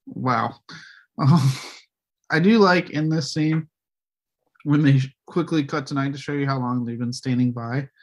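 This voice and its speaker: Man co-host, loose movie chat, swears a lot, laughs, does quick character lines. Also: mid-range voice. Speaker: podcast co-host. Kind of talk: casual movie discussion.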